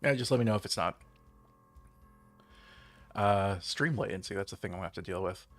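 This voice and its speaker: A man's voice: low voice, fairly quick, soft background music. A young man chatting casually on his own livestream. He rambles, chuckles often, leans on fillers and makes self-deprecating asides. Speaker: streamer hosting his own channel.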